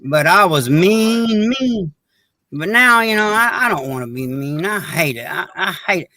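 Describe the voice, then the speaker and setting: A man's voice: sits high, expressive, measured pace, bright, forceful tone, no room sound. A man, chatting on a podcast in a folksy, earnest storytelling way. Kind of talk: casual chat.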